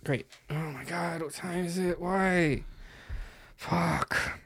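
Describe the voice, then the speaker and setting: A man's voice: on the high side, takes it slowly, gravelly, a bit bright, breathy edge, no room sound. A man playing a tabletop role-playing game, narrating his character's actions with giggly, playful banter. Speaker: player. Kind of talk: tabletop role-play session.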